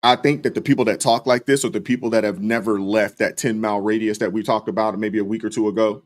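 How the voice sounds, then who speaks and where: A man hosting a live stream, reading viewer super chats and talking through them in a relaxed way, with lots of fillers. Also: fairly low pitch, fast talker. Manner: relaxed, many fillers, thanks viewers by name. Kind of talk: casual live stream commentary.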